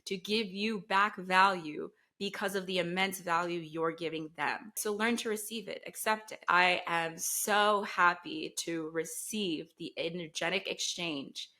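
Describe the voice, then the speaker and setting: Bright, earnest young woman coach. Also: on the low side, fairly even intonation, a little slow, few pauses. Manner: earnest, effusive, gets teary. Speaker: guest coach. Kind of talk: emotional interview talk.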